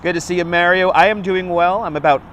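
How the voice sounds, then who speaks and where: A man's voice: high voice, fairly even intonation, fast, a bit bright. A man hosting a live walking stream from a phone on a gimbal, greeting viewers by name in a chatty, upbeat way, his nose a bit stuffy. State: slightly stuffy nose, voice may crack. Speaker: livestream host. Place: outdoors on a city street. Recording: faint street and traffic noise.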